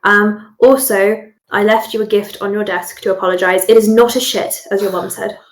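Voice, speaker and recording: A woman doing a soft-spoken cheeky male adventurer. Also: mid-range voice, little pitch movement, normal speed, echoey room, natural voice. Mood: mock-polite. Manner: soft-spoken and mock-polite.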